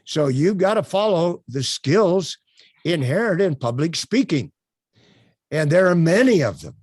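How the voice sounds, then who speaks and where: A man's voice with a somewhat high pitch that swings widely as he teaches a live webcam workshop. He talks emphatically and leans on "uh" fillers. The sound is dry and close. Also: unhurried, husky, no room sound. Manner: animated, emphatic, with frequent uh fillers. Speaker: workshop instructor.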